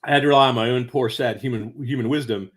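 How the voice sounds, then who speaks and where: Man, interview guest, animated storyteller, mid-pitch voice, stammering restarts, bursts of chuckling. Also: fast. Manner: animated, jumps to high excited pitch acting out quoted voices. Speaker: guest author.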